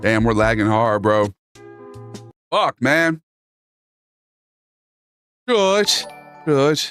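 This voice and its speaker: A man's voice: medium pitch, very animated, very slow, a bit bright, clean tone, soft background music. A man hosting a live stream, chatting casually with his chat in a laid-back, sarcastic, slangy way. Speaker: livestream host reading chat.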